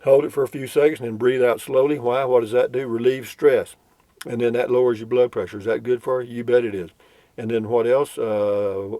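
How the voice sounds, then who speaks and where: Folksy older man, dry mellow voice. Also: medium pitch, steady tone, fairly quick, no echo. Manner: folksy, rambling, chuckling often. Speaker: vlogger reading viewer comments. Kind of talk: casual chat. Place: in a vehicle on a road trip.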